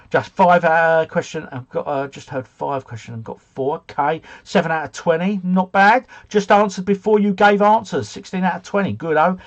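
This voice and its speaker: A man's voice: on the high side, normal speed, highs cut off. A man hosting a casual live quiz stream, chatting and joking as he reads out answers and viewer scores. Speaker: quiz host.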